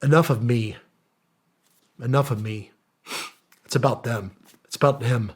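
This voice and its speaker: A man's voice: mid-range voice, unhurried, slightly rough. A middle-aged man, a guest on a podcast, telling his story casually and earnestly, acting out quoted dialogue and using casual slang. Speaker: podcast guest, former special operations soldier.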